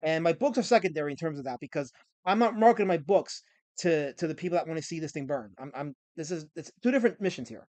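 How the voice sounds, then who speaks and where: A man's voice: fairly high pitch, animated, quick pace, darkish tone, no echo. A man hosting a live stream, chatting casually and often stammering and repeating words. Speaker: streamer host.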